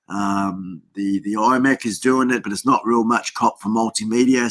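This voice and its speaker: A middle-aged Australian man hosting a casual livestream from his home desk, rambling through greetings to viewers with many fillers. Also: mid-range voice. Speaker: livestream host. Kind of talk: casual live-stream chat.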